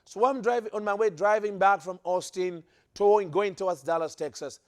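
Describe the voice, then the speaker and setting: A man with a notably high voice delivers a sermon-style teaching to his listeners. He hammers points home by repeating phrases, and he often breaks off and restarts his sentences mid-thought. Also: normal speed. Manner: emphatic, repeats phrases for stress. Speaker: preacher.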